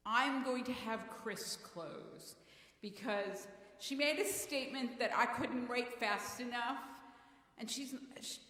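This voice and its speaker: A woman's voice: a little high, slow pace, bright, forceful tone. A woman leading a congregational meeting, chatty and stumbling over her words now and then. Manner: chatty, with false starts. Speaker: meeting leader from the church council. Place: church hall. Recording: roomy, echoey church hall.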